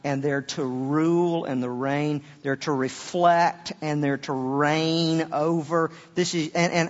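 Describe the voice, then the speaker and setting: A man preaches to a congregation, his fairly high voice ringing out in a big hall with a long reverb. The sound is a little dull and muffled. He rises to loud emphatic peaks, drops to quiet asides, and often repeats words as he goes. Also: steady tone, slow, hardly any pauses. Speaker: pastor. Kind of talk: sermon.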